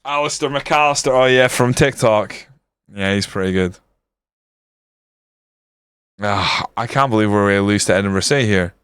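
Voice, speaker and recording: A man's voice: lowish voice, moderate pace, long pauses, fairly bright tone, smooth, no room sound, clean studio sound. A young man streaming a football management game, grumbling and swearing casually as he comments on his matches. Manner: frustrated, grumbling, swears often.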